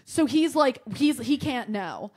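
A woman's voice: high voice, measured pace. A young adult woman from Michigan, a podcast guest telling a comic story in casual chat and swearing freely. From Michigan, USA. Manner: swears freely, animated and exaggerated.

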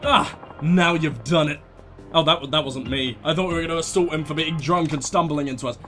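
A man's voice: fairly high pitch, a little fast, sharp tone. A man hosting a let's play, joking through the game and reading the subtitles aloud in silly voices. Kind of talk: gameplay commentary. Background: game music.

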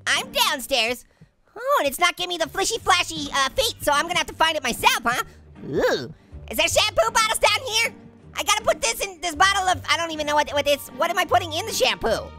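A man's voice: big pitch swings, fairly quick, gravelly, pushed and bright, faint music behind, exaggerated voice. A man voicing a hyper, wisecracking male cartoon orange who giggles and puns through comedic gameplay commentary. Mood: giggly hyper. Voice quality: squeaky, pitched-up cartoon voice. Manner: giggly, punning, jokey. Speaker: let's play host.

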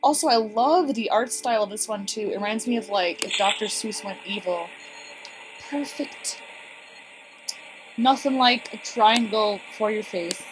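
A woman giving casual, excitable commentary on a game she is playing, chatting to her viewers. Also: mid-range voice, measured pace. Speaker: let's play gamer. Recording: steady background noise.

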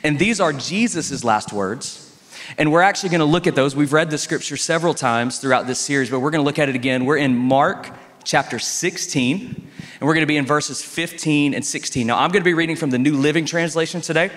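A male pastor preaching a sermon in a relaxed, conversational storytelling style, leaning on emphatic pauses. His voice sits a little higher than most men's. It rings out with a long reverb through a church sanctuary.

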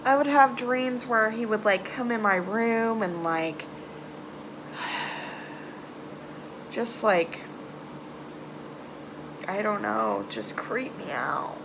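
A young woman telling a personal story to camera in a halting, emotional way, trailing off into sighs and nervous laughs. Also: medium pitch, animated, background noise. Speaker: vlogger. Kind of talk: confessional storytime vlog.

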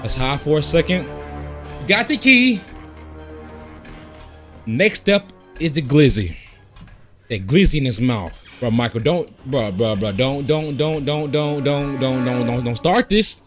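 A young man playing a horror game and commenting, often yelling and swearing at the game. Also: on the high side, lively intonation, unhurried, faint music behind. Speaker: gaming streamer. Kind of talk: gameplay commentary.

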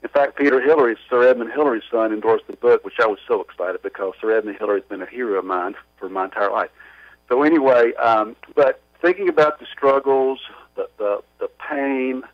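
A man telling his story as a guest in a radio interview, earnest and halting with many restarts. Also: medium pitch, no room sound. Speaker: author and guest. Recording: muffled radio audio.

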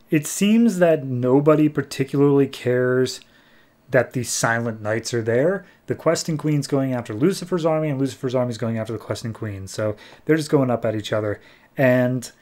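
A young man hosting a podcast, casually retelling a comic story and briefly voicing the characters' lines. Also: mid-range voice. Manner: animated, slips into quick character voices when retelling dialogue. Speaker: podcast host.

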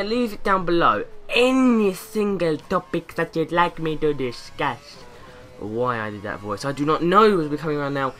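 A bright, forceful young man from England chats away while playing a racing game, wandering from topic to topic and breaking into daft voices. Faint music sits behind him in his bedroom. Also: on the high side. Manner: rambling, jokey, slips into silly accents. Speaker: gaming YouTuber. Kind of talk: casual gameplay commentary. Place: bedroom with window open.

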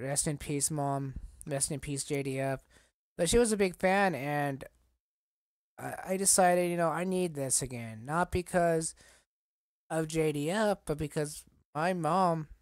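A man in a casual collecting vlog, talking haltingly and getting choked up, rambling with many fillers. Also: fairly high pitch, no room sound, clean studio sound. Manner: halting, emotional, choked up at times. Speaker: collector vlogger.

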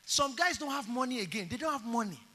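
A man's voice: extremely high pitch, quick pace, long reverb tail. A middle-aged Nigerian man preaching a sermon, telling stories animatedly and acting out the dialogue. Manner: animated storytelling, acts out dialogue.

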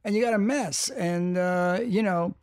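A man's voice: high voice, measured pace, a little mellow, no room sound, studio quality. An older man talking as a podcast guest, rambling, restarting and repeating for emphasis. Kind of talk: casual interview talk.

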